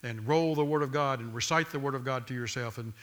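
A man's voice: mid-range voice, fast talker, fairly bright tone. A man preaching a sermon, with an emphatic, repetitive cadence that builds through lists of phrases.

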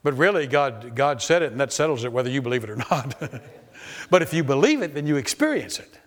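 A man's voice: mid-range voice, a little fast. A man preaching a sermon, reading scripture and acting out the quoted voices with lots of repetition. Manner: animated, repeats phrases, acts out quoted voices.

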